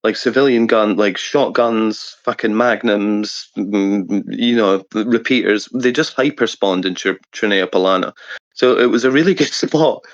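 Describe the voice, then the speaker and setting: A man's voice: on the low side, measured pace, no echo. Guy on a headset telling wild game stories, swears a lot, dry muffled audio. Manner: animated anecdotes, frequent swearing and laughter. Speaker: guest. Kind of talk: casual storytelling.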